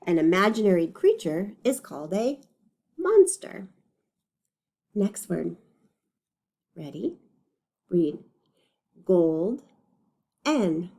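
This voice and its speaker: Slow, patient woman teaching reading. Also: fairly low pitch, gravelly, dark tone. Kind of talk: reading lesson for young children. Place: recorded lesson video.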